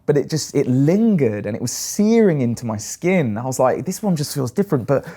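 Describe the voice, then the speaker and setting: Animated British man telling stories. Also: medium pitch, fairly quick, slightly rough. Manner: animated storyteller, acts out quoted voices. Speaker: guest, long-distance swimmer. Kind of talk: casual storytelling interview.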